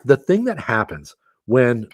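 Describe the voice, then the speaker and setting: A middle-aged man hosting a live stream, commentating a fantasy football auction, excitable and quick to laugh at himself. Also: mid-range voice, slightly rough, dry recording. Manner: excitable, self-mocking, laughs often.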